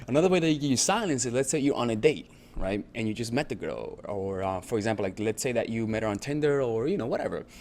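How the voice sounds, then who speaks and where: Male dating coach, casual instructional delivery, profane and repetitive, average-pitched voice, faint background hiss. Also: lively intonation, fairly quick, a little mellow. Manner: conversational, repetitive check-ins, profane.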